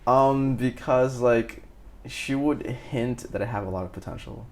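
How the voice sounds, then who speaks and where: A man's voice: mid-range voice, unhurried. A young man talking casually as a podcast guest, laid-back, with lots of fillers. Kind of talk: casual chat.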